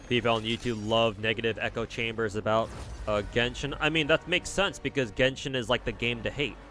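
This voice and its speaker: A man's voice: mid-range voice, fairly even intonation, brisk, a bit bright. A man livestreaming a game, chatting casually and bluntly as he reads chat and plays, rambling and swearing freely. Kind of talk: casual commentary while playing and reading chat.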